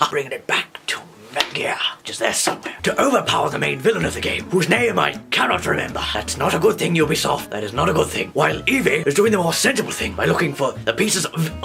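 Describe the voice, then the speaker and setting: Young British guy, comic game reviewer, fairly high gravelly voice, lots of tangents and snatches of song. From England. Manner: rambling, sweary, breaks into song and tangents. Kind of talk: comedic video game review.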